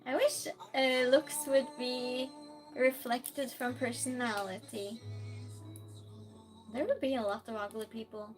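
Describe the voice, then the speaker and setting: A woman hosting a live stream, chatting casually, reading viewer comments aloud and calling out loud greetings to regulars. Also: a little high, fairly even intonation, unhurried, faint music behind. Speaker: livestream host.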